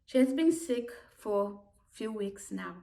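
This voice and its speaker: Woman, personal storyteller, slow and halting, emotional restarts, voice set back from the mic. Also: mid-range voice, lively intonation, creaky, mellow. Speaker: immigrant community worker. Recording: voice distant from the mic.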